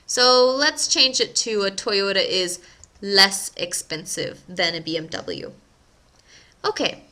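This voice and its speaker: A young woman teaching an English grammar lesson, speaking slowly and enunciating each word with care. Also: medium pitch, sharp tone. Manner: slow, carefully enunciated teaching voice. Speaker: ESL teacher.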